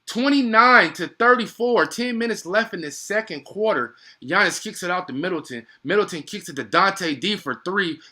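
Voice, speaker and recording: Young male streamer, bright forceful voice, slangy and excitable play-by-play caller. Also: high voice, normal speed, hardly any pauses. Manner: excitable, slangy, chatty with viewers. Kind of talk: casual live play-by-play commentary.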